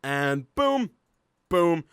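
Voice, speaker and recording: A man's voice: a little high, big pitch swings, very slow, fairly bright tone, clear, resonant tone, no room sound, clean studio sound. A man with a Yorkshire accent giving chatty live-stream gameplay commentary, thinking aloud and laughing often. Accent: Yorkshire English. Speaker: gaming streamer.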